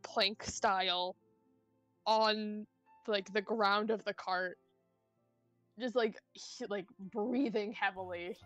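Young woman GM, rambling delivery, slightly high pitch, soft music bed. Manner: rambling, many fillers and restarts. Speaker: game master. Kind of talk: narrating a tabletop game.

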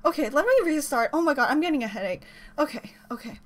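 A woman hosting a reaction video, gasping, screaming and exclaiming nonstop as loud music plays. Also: high voice, expressive, fast talker. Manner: screams, gasps and exclaims constantly. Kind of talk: excited reaction commentary. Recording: loud performance music behind.

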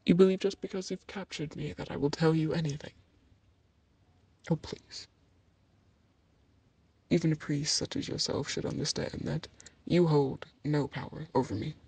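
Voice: mid-range voice, darkish tone, husky, dry recording. A voice actor playing a proud, captured demon with horns in an audio role-play, talking haughtily and defiantly while fighting off laughter. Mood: scornful.

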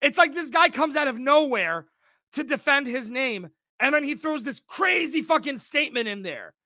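A man reacting to video clips, talking loudly, swearing and mocking what he watches. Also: animated, moderate pace, no echo, clean studio sound. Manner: loud, swearing, mocking, jumps in pitch. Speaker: reaction streamer. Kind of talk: profane reaction commentary.

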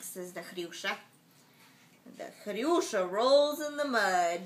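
A woman with a mother tongue reading a picture book aloud to her baby at home, making the animal sounds in a slow, sing-song way. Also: medium pitch, expressive, slight background noise.

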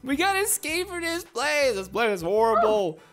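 A woman voicing an excitable young girl piglet while commentating a video game, talking in a squeaky, stammering way. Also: moderate pace. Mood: urgent. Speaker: gameplay narrator. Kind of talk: gameplay commentary in character. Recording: game music playing underneath.

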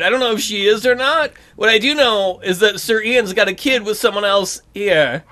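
A man hosting a let's play, giving casual, excitable commentary full of jokes and swearing. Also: high-pitched, normal speed, few pauses. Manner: excitable and jokey, swears freely.

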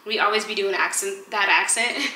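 A woman's voice: medium pitch, moderate pace, sharp tone, a little hiss or hum. A woman casually chatting and rambling playfully as she makes tea at home for her vlog. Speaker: lifestyle vlogger. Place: home kitchen, indoors. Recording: roomy home echo with background music. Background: music playing.

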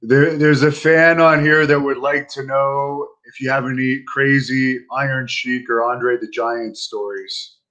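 Male interviewer, mid-pitched and flat, reads fan questions plainly. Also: a little slow, rough recording.

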